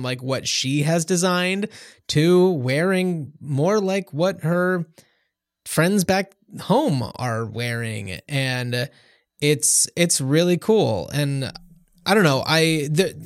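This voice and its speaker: In a casual, rambling podcast conversation about a film, a male co-host leans on fillers and restarts. He speaks at medium pitch, and the recording is dry and studio quality.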